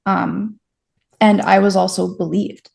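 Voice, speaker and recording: A woman's voice: medium pitch, steady tone, slow, vocal fry, darkish tone. A young woman being interviewed, recounting her experience frankly, with self-deprecating humor and many restarts. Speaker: interview guest, stalking survivor. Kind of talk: candid conversational storytelling.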